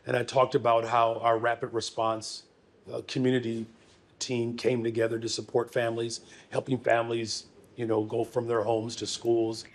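A man's voice: medium pitch, monotone, normal speed. A man, a city mayor, answering interview questions off the cuff with some fillers. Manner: unscripted, with fillers.

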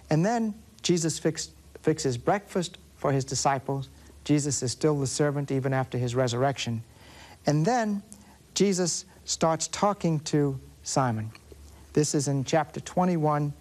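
A man with a Southern US accent preaching a Catholic sermon, slowly and deliberately, drawing out key words for emphasis. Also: fairly high pitch, a little mellow. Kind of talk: sermon teaching on scripture.

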